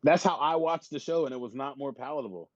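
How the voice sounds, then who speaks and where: A man co-hosting a podcast, telling animated stories in casual, profane chat. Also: medium pitch, fast, dry recording, highs cut off. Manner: animated storytelling with laughs and profanity. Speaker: podcast co-host.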